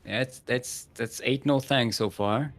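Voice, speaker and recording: A man casting a live strategy game, jokey and punny, often pausing with "uh". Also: mid-range voice, faint music behind. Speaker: esports caster.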